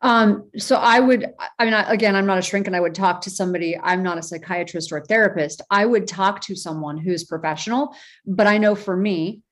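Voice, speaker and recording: A woman's voice: mid-range voice, a little fast. A woman author as an interview guest, talking earnestly and reflectively, with many fillers and restarts. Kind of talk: casual interview talk.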